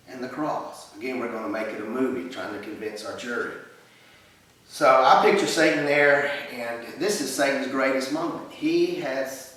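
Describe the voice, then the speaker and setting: A man's voice: mid-range voice, a bit bright. A man teaching a Bible lesson as a vivid story, with fillers and acted-out quotes. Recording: echoey room, voice from a distance.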